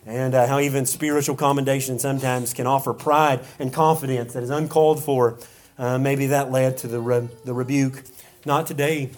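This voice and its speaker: A pastor with a medium-pitched, slightly mellow voice preaches earnestly to his congregation. He asks rhetorical questions and often restarts and repeats words.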